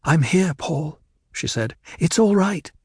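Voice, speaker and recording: A woman playing a grieving mother who speaks gently and soothingly in a radio drama. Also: sits low, lively intonation, takes it slowly, husky, no room sound, clean studio sound, heavily acted. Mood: gentle.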